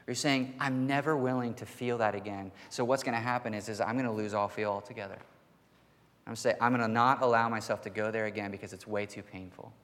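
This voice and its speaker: A man preaching a sermon to his church in an earnest voice that rises to forceful emphasis. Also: fairly low pitch, fairly even intonation, fairly quick. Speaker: pastor. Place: church sanctuary. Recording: long hall reverb.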